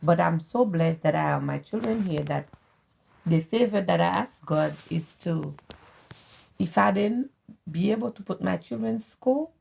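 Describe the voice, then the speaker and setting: A middle-aged Haitian woman with a Haitian accent, talking earnestly and haltingly as a guest in a family interview. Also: fairly low pitch, expressive, gravelly, darkish tone, breathy edge. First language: Haitian Creole. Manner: earnest, halting, repeats phrases. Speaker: guest, host's mother.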